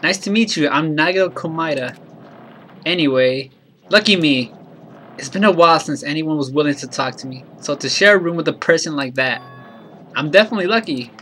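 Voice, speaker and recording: A falsely friendly young man, eerie under the warmth, read out by a man. The voice sits slightly high and sounds bright and clear. It is read plainly and quietly, straight from the game's text. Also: expressive, brisk, slight background noise. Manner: reading game text aloud, subdued.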